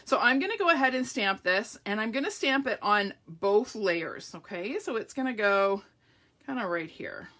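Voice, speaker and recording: A woman's voice: medium pitch, expressive, moderate pace, bright, forceful tone. Lady doing a live craft stream, friendly and chatty, bit of a frog in her throat. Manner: chatty, greets viewers by name. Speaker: papercraft demonstrator. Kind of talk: live card-making demo.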